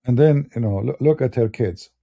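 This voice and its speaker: Combative Middle Eastern-accented male streamer, husky fry, dark mellow tone, blunt delivery. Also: medium pitch, moderate pace. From Middle East. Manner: blunt, combative, laughs through his anecdotes. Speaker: Christian apologist streamer. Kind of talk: unscripted livestream rant.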